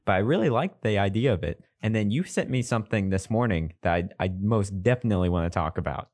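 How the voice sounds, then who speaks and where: A young man co-hosting a podcast, chatting casually with quick, teasing asides. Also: fairly low pitch, expressive, a little mellow, dry recording. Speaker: podcast co-host. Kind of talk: casual chat.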